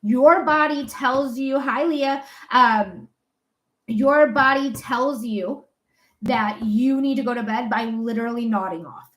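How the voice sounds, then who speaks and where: A woman's voice: a little high, slow pace. A young woman giving a live psychic reading in a chatty, blunt way, swearing casually. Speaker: psychic reader.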